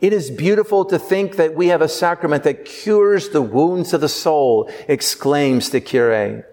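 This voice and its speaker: A priest preaching a sermon with earnest delivery, slowing down for emphasis. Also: male voice, fairly high pitch, a little mellow, in a large hall.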